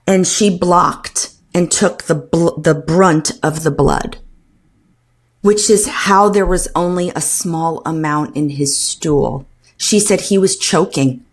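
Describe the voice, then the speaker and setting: A woman with a lowish voice tells her own story on a podcast. She speaks earnestly and with feeling, stopping and restarting often. She acts out what others said to her. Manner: earnest, emotional retelling with many restarts and quoted dialogue. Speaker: podcast guest. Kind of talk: personal storytelling in an interview.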